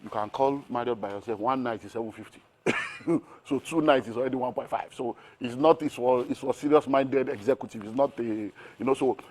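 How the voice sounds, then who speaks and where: A man's voice: mid-range voice, fairly quick, darkish tone, slight background noise. A middle-aged man with a Nigerian accent, a business mentor talking energetically in an interview and firing off rhetorical questions. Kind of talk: animated interview talk.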